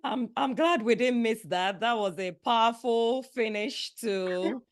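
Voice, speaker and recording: A woman's voice: a little high, unhurried. A woman hosting a podcast interview, encouraging and affirming her guest. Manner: encouraging, affirming with short responses. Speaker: podcast host.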